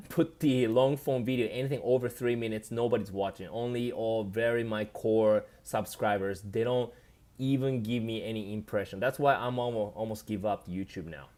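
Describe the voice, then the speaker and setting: A man's voice: mid-range voice, darkish tone. A man from Japan with a Japanese accent, chatting casually on his live stream and answering viewer comments.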